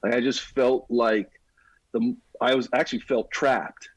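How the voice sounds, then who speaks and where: A middle-aged man tells his own story on a podcast, lively and casual, calling the host "dude." His voice is slightly husky and sits at a mid pitch. The sound is dry and close, with almost no room. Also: measured pace, no echo, rough recording. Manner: energetic, talks like a buddy, says "dude". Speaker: podcast guest.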